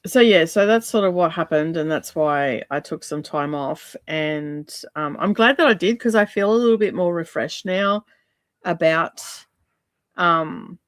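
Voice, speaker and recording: A woman's voice: fairly low pitch, measured pace, no room sound, studio quality. A middle-aged woman from Australia hosting a casual crafting live stream, chatting in a rambling way with many ums. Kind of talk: casual chat while crafting. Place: home craft room.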